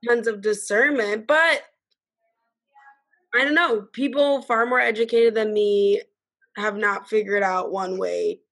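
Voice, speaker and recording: A woman's voice: medium pitch, a little slow, fairly bright tone. A woman co-hosting a church podcast, speaking hesitantly with many fillers and unfinished thoughts. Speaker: podcast co-host. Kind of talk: casual podcast discussion.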